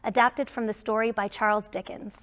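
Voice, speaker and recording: A woman reading a children's storybook aloud, slow and expressive with emphatic lines. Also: mid-range voice. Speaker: storybook reader.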